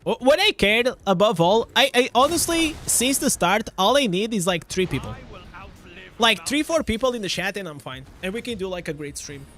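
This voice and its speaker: A man's voice: high voice, expressive, normal speed, a bit bright, faint music behind. A young man with a Portuguese accent chatting casually on a live stream, often restarting his words and swearing now and then.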